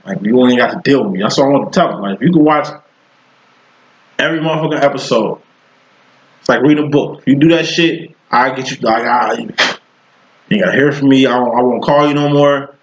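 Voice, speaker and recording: A man's voice: mid-range voice, a little fast, pauses often. A man in his thirties giving a casual tarot reading as a psychic, talking bluntly in profane street slang. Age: 30s. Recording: roomy, dull lo-fi sound.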